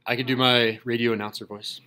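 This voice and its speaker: A man's voice: medium pitch, flat delivery, fast talker, pushed and bright, slight background noise. Man, math teacher, upbeat and jokey, asks his class questions.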